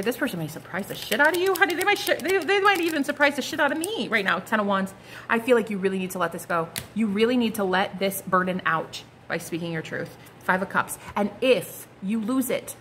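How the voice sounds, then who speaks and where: A young woman giving a casual tarot reading to her viewers, blunt and animated, swearing freely as she calls things out. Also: medium pitch, a little hiss or hum. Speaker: psychic tarot reader.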